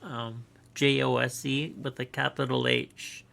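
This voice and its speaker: Slow, gravelly live-stream host. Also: medium pitch, fairly even intonation, a bit bright. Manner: hesitant, halting, with many fillers. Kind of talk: casual live-stream chat.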